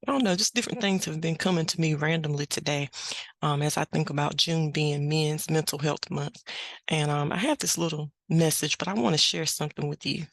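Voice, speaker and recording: A middle-aged woman hosting a podcast, telling a family story in an unhurried, plain-spoken way. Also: deep voice, gravelly, dry recording. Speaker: podcast host. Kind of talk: casual spoken reflection.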